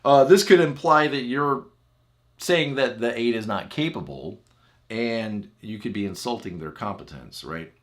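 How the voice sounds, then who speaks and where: A man's voice: medium pitch, measured pace. A man teaching as a personal growth coach in a chatty, conversational way, often checking in with the listener. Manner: chatty, asks the listener "right?"; acts out example phrases in lively voices. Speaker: relationship coach.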